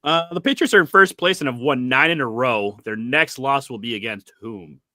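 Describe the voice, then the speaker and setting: A man's voice: medium pitch, moderate pace, sharp tone, no room sound, clean studio sound. A man with a Boston accent hosting a casual sports podcast, putting questions to his co-hosts and teasing them with profanity. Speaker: podcast host asking the questions.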